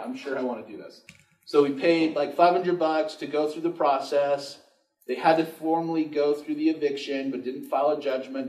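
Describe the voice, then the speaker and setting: Workshop speaker, male, a bit high-pitched, storytelling, echoey room with a distant mic. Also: darkish tone. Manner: casual storytelling, acts out dialogue. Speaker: real estate investor teaching a workshop. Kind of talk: live workshop talk to an audience. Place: room with an audience. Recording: echoey room recorded from far off.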